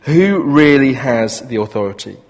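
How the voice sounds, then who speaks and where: A man's voice: medium pitch, animated, normal speed. A man preaching to a congregation, telling history in a conversational way with many hesitations. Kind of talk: sermon with a history lesson. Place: church hall with an audience. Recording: long reverb of a large hall.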